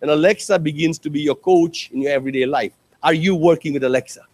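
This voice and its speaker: Speaking fast, a keynote speaker tells lively stories in a conference hall, jumping sharply in pitch as he acts out quotes. He addresses the crowd directly, posing rhetorical questions along the way.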